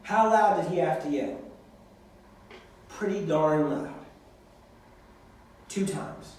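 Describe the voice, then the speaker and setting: A man's voice: a little high, unhurried, pauses often, darkish tone, far from the mic. Man preaching in an echoey hall. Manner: preaching, acting out prayers. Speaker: youth pastor. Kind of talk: sermon to young people. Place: church hall.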